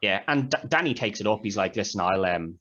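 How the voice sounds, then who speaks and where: On a podcast with dull lo-fi audio, a male co-host rambles through a casual film review chat, recounting the movie's scenes. His pitch is fairly low, and he talks in an expressive, brisk way with a slightly bright tone.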